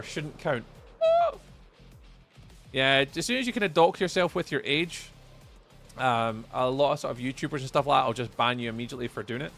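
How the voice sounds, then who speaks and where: A man's voice: mid-range voice, gravelly, a bit bright. A man with a Scottish accent giving chatty live gameplay commentary as a streamer, answering viewers' chat messages aloud. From Scotland. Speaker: livestreamer.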